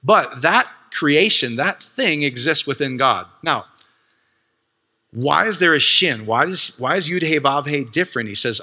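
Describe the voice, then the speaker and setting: Man, preacher, teaching sermon, animated, conversational, very bright tone. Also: on the high side, measured pace, big-room sound. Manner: animated, excited, conversational, quotes others.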